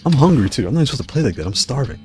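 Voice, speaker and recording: A man giving excited, trash-talking play-by-play of his own fighting game matches. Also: mid-range voice, rapid-fire. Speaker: gaming channel host. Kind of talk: live gameplay commentary. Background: fighting game music and sounds.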